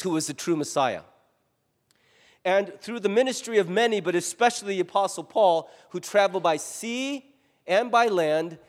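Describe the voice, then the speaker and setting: A man delivers a sermon with a notably high voice and lively, animated energy, often slipping into quoted voices. His words ring out with a long reverb from a large hall. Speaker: pastor.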